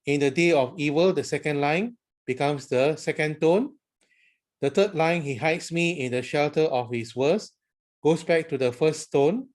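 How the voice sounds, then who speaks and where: A man teaching chant, speaking slowly and carefully as he explains each symbol. His voice sits a little high for a man, and he sounds measured and patient. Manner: slow, careful explaining, sings chant tones on syllables. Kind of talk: instructional talk with sung chant examples.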